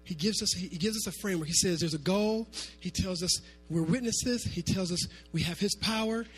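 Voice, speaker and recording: A man with a very high voice preaches a sermon, talking to the room like friends. He moves between hushed asides and loud, emphatic bursts, with faint music playing underneath. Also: fairly quick, husky. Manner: animated, swinging from soft asides to shouting. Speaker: pastor.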